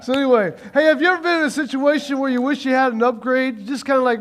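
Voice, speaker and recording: A male pastor giving a casual, animated sermon and leading his congregation to repeat words back. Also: very high-pitched, fast talker, hardly any pauses. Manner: casual, animated, leads the congregation in call-and-response.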